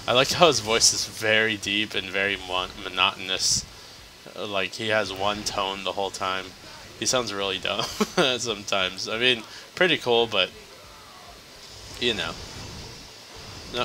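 A man's voice: fairly low pitch, unhurried, bright, forceful tone, a little hiss or hum, low-quality recording. A man giving casual, joking let's-play commentary as he plays, chatty and laughing often. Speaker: gameplay commentator.

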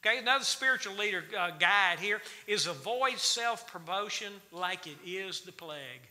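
A high-pitched, animated man teaches Wednesday night Bible study at a moderate pace, his voice pushed and bright as he folksily tosses questions to the congregation. The church sanctuary gives the recording a reverberant hall sound.

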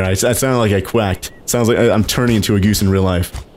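A young man giving excitable, casual commentary while playing a video game, often exclaiming and laughing. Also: fairly low pitch, a little fast. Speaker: let's play host.

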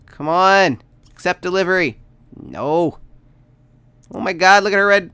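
Creaky-voiced gamer chatting over gameplay. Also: mid-range voice, measured pace, pauses often, sharp tone. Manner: chatty, talks to the game characters, bursts of mock panic. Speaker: let's play host. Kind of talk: casual gameplay commentary.

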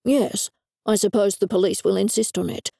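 Calm polite brother of the dead guy, woman reading him, little gravelly. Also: medium pitch, normal speed, no echo, clean studio sound.

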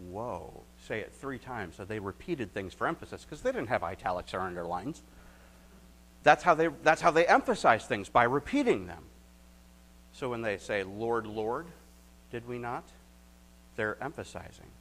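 A man preaching a sermon as pastor, moving between emphatic rising points and quiet, reflective stretches, closing in prayer. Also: medium pitch, slight background noise, low-quality recording.

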